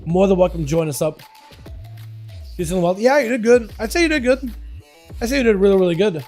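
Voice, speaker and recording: A young male streamer casts game duels in a raised, lively register, his voice hoarse and rough tonight. His tone is mellow and dark, and he hypes every play and banters with chat. Faint music plays quietly behind him. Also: sits high, brisk. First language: Russian. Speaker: livestream host casting game duels. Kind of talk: casual livestream commentary.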